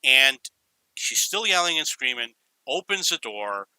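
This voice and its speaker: Bright-voiced man telling rambling stories. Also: mid-range voice, sing-song, measured pace, smooth, dry recording, low-quality recording. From New York. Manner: rambling, digressive, anecdotal. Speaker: storyteller. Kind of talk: casual personal storytelling.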